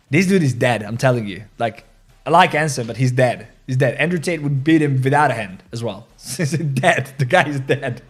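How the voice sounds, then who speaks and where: Excitable rambling male crypto host. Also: medium pitch, moderate pace, slightly rough, faint music behind. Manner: rambling and excitable, reads social media posts aloud with laughs. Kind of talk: casual crypto market commentary.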